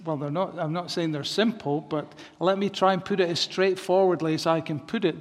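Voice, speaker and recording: A man preaching a sermon, reasoning through his points in a measured way with some restarts. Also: fairly high pitch. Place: church. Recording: long reverb of a church hall.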